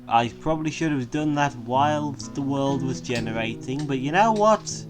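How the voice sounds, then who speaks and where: A man's voice: mid-range voice, expressive, moderate pace, music in the background. A man giving casual let's-play commentary on a game, chatty and rambling, wandering off on amused tangents. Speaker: gaming video creator.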